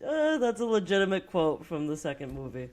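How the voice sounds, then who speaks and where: A woman's voice: on the low side, very animated, fairly quick, a little mellow. A young woman co-hosting a movie podcast, telling stories in a rambling way, full of "like" fillers, swearing and laughter. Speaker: podcast co-host. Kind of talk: casual movie-review chat.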